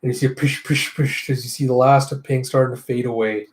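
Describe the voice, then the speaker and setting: A man's voice: medium pitch, steady tone, fast, darkish tone, a little hiss or hum. Casual man reading a comic aloud. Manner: chatty, with sound-effect words. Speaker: comic readthrough host. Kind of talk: casual comic readthrough narration.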